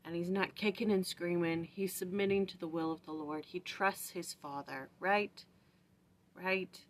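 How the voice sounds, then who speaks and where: A woman's voice: fairly low pitch, steady tone, a little slow. A woman hosting a casual morning scripture-study vlog at home, thinking aloud with lots of "like" and "right?". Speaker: vlog host.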